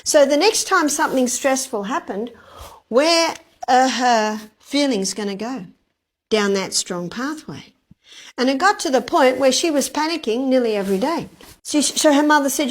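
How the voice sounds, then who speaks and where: A woman's voice: sits high, animated, moderate pace. A woman giving a health lecture to a live audience, telling a story and asking the audience rhetorical questions. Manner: acts out quoted dialogue.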